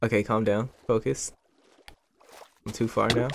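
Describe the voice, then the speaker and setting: A young man giving casual, joking gameplay commentary to his viewers. He swears freely and bursts into excited yelps. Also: mid-range voice, normal speed, creaky, pauses often. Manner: chatty, talks straight to viewers. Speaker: gaming YouTuber.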